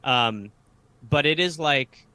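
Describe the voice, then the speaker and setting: An American man, a comedian guest, chatting casually over a video call, riffing animatedly with rapid asides and swearing. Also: mid-range voice, lively intonation, sharp tone, clear, resonant tone. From United States. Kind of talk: casual chat.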